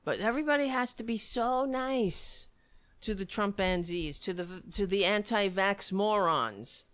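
A woman's voice: medium pitch, animated, measured pace, fairly bright tone, smooth. A woman giving sarcastic, exasperated commentary, swearing freely as she rebuts. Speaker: commentator reacting to clips. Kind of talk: ranting commentary.

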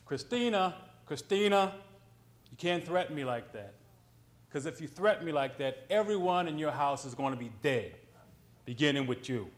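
A man voicing a threatening young male tough with a Brooklyn accent, loud, raised and aggressive. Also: medium pitch, expressive, moderate pace, lightly acted. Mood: menacing.

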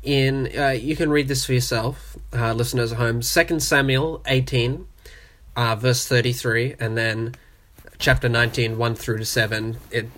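Man, podcast host, casual Bible study talk, middle pitch, chatty, fillers. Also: fairly even intonation, moderate pace, a bit bright. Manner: explains and reads verses conversationally with fillers.

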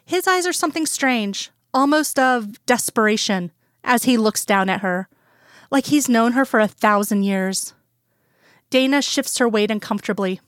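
Smooth-voiced woman narrating fanfiction. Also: a little high, normal speed, dry recording, studio quality. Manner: calm storytelling, plain voices for quoted characters. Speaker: fanfiction reader. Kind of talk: scripted narration.

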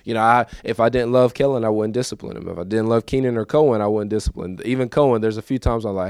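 A man in his thirties preaching a personal testimony in a conversational, emotional way, moving from quiet recollection to raised, emphatic lines. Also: lowish voice, fast talker, few pauses, clear, resonant tone, no room sound, studio quality. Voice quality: conversational, emotional, repeats himself. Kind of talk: testimony sermon.

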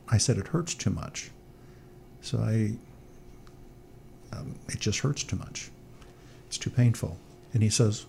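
A man, a priest and military chaplain, telling animated stories as an interview guest. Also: fairly low pitch, slow pace, creaky, long pauses, slight background noise. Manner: animated storyteller, upbeat. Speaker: chancellor of military archdiocese.

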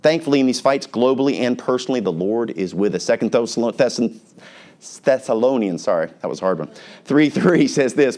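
A man's voice: medium pitch, expressive, brisk, a little mellow. A male pastor preaching a sermon in an earnest, conversational way, reading scripture aloud.

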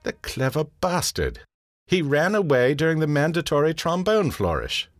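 A man's voice: on the high side, very animated, moderate pace. An actor playing a vain, flippant male king with a pompous, sardonic and dramatic manner. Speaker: lead of the show. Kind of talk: comedy radio play acting.

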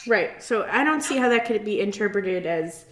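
A woman's voice: mid-range voice, lively intonation, normal speed, roomy sound. A woman co-hosting a casual recap podcast, chatty, with many filler words and easy laughs. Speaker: podcast co-host. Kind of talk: casual chat recapping a reality show.

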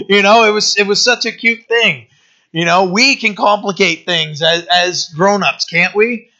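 Male pastor, relaxed chatty sermon, bright forward tone, muffled lo-fi sound. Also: high voice, moderate pace. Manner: casual, animated, many restarts and asides. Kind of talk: conversational sermon.

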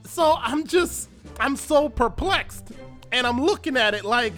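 High-voiced, unhurried male storyteller. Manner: animated, self-mocking storytelling with dramatic pauses. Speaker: podcast host. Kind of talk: personal storytelling monologue. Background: faint background music.

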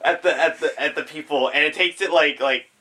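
A man in casual chat, tossing in dry quips and quick asides. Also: on the high side, bright, forceful tone.

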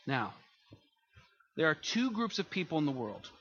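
A male pastor preaching with a high, bright voice. He is earnest, stumbles and repeats words as he goes, and lifts his voice to drive points home. The sound is dull and lo-fi. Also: very animated, normal speed, breathy edge. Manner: earnest, repeats words and restarts, rises for emphasis. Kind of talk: sermon.

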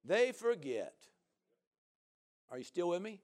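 A man preaching a sermon in a folksy, joking way, often asking the listeners "right?" and swinging from loud to soft. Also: high-pitched, expressive, normal speed.

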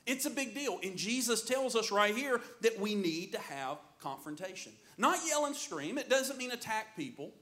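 A middle-aged man preaching a sermon as pastor, in an animated, joking storytelling manner. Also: sits high, moderate pace, hardly any pauses.

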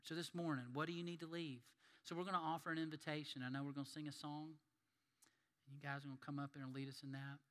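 Pastor, folksy and emphatic, bright pushed tone, long hall reverb. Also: male voice, a little high. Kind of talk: sermon. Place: church sanctuary.

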